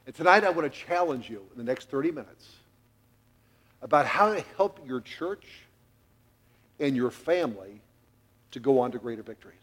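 A man's voice: mid-range voice, moderate pace, pauses often. A middle-aged man preaching a sermon in a church, telling a family story with jokes and acting out the quotes. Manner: animated, jokey, acts out quotes. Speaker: pastor.

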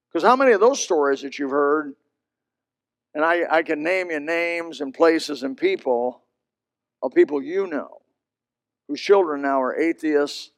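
A male pastor preaching a sermon, telling stories and repeating his points for emphasis. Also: fairly high pitch. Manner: storytelling, emphatic repetition.

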